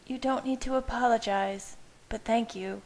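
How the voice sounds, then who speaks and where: A woman voicing a gentle, tearful young pregnant wife, speaking softly and pleadingly in a raised voice. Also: on the high side, steady tone, normal speed, voice pushed up, natural voice. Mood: tender.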